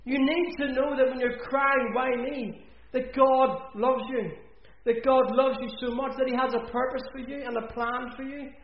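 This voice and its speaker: A man's voice: very high-pitched, steady tone, moderate pace. A man preaching an earnest sermon in a church, repeating phrases for emphasis. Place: church hall. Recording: echoey, dull church recording.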